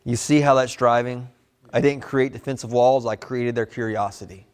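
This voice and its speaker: A man teaching a live sales training class in a casual, animated way, slipping into short customer role-plays. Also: mid-range voice, normal speed, clean tone. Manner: animated, conversational, drops into customer role-play.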